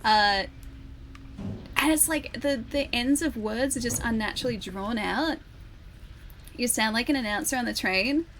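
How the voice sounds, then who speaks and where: A woman's voice: on the high side, unhurried, pauses often, noisy background. Chatty woman streaming a game. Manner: chatty, laughs often, greets chat by name. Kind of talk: casual chat while playing a game.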